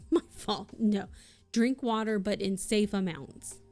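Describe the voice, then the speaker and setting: A woman's voice: medium pitch, slow pace, a little mellow, soft background music. A woman streamer chatting casually to her viewers, ranting and swearing freely. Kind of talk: casual livestream chat.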